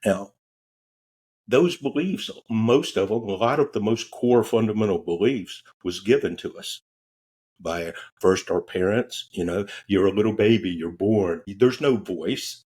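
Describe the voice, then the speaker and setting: A man with a lowish, husky, darkish voice speaks a little slowly as a guest on a podcast. He's a transformational coach recounting a story conversationally, open and casual, with swearing sprinkled throughout.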